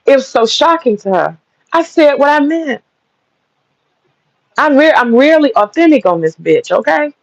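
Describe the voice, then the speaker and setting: On her livestream, a woman with a high, animated voice rants in a blunt, profane, heated way, driving her points home. She talks a little slowly with long pauses, and the audio is dull, lo-fi and dry, without echo.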